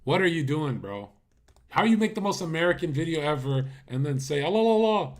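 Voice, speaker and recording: The recording is very noisy. A man with a higher, animated voice speaks fairly quickly while hosting a casual livestream on a USB condenser mic, reacting to clips and bluntly mocking his viewers in rants.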